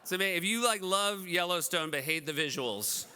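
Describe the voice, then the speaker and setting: A man in his forties hosting a benefit event, telling dry, self-deprecating stories in an animated stand-up style. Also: high-pitched, normal speed, a little hiss or hum. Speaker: event host. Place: large event hall.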